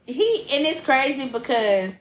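A woman's voice: sits high, big pitch swings, unhurried. A woman co-hosting a podcast, talking in an emphatic, gushing, profane way. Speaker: podcast co-host. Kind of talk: casual chat. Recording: roomy echo.

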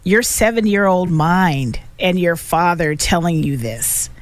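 A woman's voice: fairly low pitch, animated, a little slow, no room sound. A woman hosting an interview, affirming her guest and asking him searching questions. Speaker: host.

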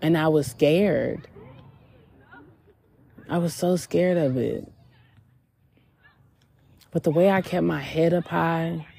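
A woman hosting a podcast shares her personal faith testimony candidly and reflectively, with long, drawn-out pauses. Her voice is low-pitched, gravelly, and dark in tone.

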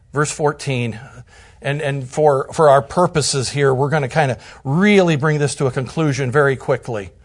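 A man teaching through a Bible passage in a conversational way, sometimes dropping to a soft hush for emphasis. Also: mid-range voice, a little slow, long pauses.

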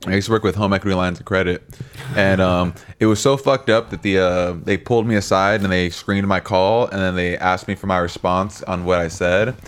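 Low-voiced man telling a rambling story. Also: fairly even intonation, fairly quick, smooth. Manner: rambling, profane, laughs through his stories. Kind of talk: casual storytelling chat.

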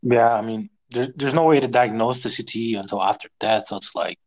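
A man's voice: medium pitch, brisk, darkish tone. A young man co-hosting a casual fantasy football podcast, laid-back and reflective. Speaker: podcast co-host.

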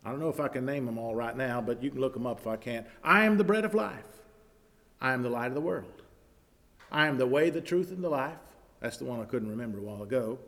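A man preaching a sermon, reading scripture aloud and explaining it, often building to loud emphatic passages. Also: medium pitch. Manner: reads scripture aloud in King James wording, then explains it. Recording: long hall reverb.

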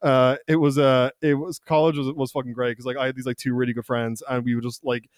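A man's voice: medium pitch, flat delivery, fast talker, clear, resonant tone, dry recording, clean studio sound. A young man co-hosting a podcast, telling rowdy school stories in casual, profane chat, laughing often and quoting people in put-on voices. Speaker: podcast co-host. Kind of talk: casual storytelling.

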